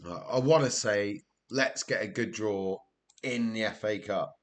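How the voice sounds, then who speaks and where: A man's voice: lowish voice, unhurried. A young Welsh man chatting casually on a live stream while playing a football management game, telling stories and laughing often. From Wales. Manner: chatty storyteller, laughs often, answers chat. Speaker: gaming streamer. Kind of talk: casual live-stream chat over gameplay.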